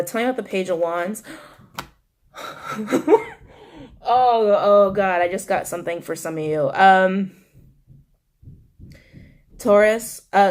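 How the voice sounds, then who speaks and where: A young woman giving a casual tarot reading, animated and blunt, swearing and talking straight to her viewers. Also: lowish voice. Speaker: tarot reader.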